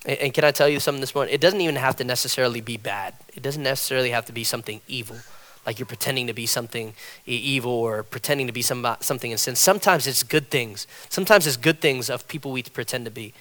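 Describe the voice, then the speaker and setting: A man preaching a sermon from a church platform, animated and repetitive, acting out the people he quotes. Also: mid-range voice, fast. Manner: animated, repeats phrases, acts out quotes. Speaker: pastor.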